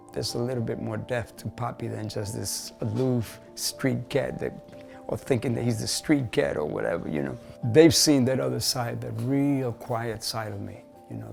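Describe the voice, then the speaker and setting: A man, a bass player, telling personal stories in a documentary interview, candid and profane, dropping Spanish phrases. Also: vocal fry, a little mellow.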